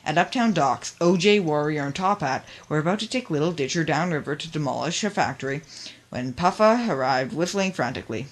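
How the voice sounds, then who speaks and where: A calm storybook narrator who reads the picture-book story at an even, gentle pace. The delivery stays soft and steady between the characters' lines. It is a homemade reading. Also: mid-range voice, fairly quick.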